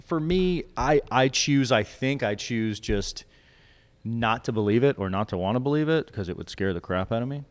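A man's voice: mid-range voice, lively intonation, normal speed. A middle-aged man hosting a podcast, chatting casually in a rambling, nostalgic, self-mocking way. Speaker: podcast host. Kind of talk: casual chat.

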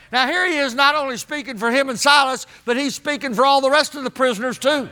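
A man's voice: very high-pitched, brisk, few pauses, sharp tone. A man preaching a sermon in a folksy, emphatic way, calling out to the congregation as he tells stories.

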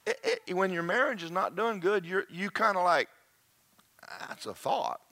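A man's voice: sits high, lively intonation, normal speed, pushed and bright. A middle-aged man preaching a sermon, joking and acting out quoted voices.

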